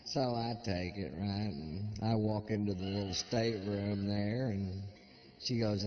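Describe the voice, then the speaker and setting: Slow, deadpan low-voiced male comedian. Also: highs cut off. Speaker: stand-up comedian. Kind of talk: stand-up comedy.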